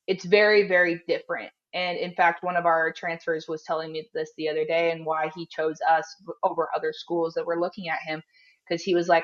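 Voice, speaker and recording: A woman's voice: lowish voice, dull audio. A young woman from Canada, a strength coach, chatting in an upbeat, casual way. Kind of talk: casual interview chat.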